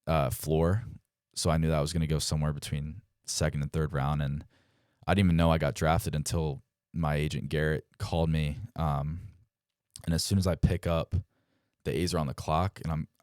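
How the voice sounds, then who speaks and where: A man's voice: a bass voice, moderate pace, clear, resonant tone, no room sound, clean studio sound. A young man in his twenties, a pro baseball player and podcast guest, telling stories in a casual way and acting out quoted dialogue, with a lot of "like". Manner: animated, acts out quoted dialogue, frequent "like". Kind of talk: casual storytelling.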